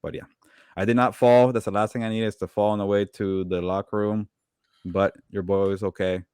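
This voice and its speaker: Fast-talking low-voiced man teasing. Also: little pitch movement, a little mellow, clean tone, no room sound, clean studio sound. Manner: teasing, quick banter. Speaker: podcast co-host, sports reporter. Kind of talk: casual chat.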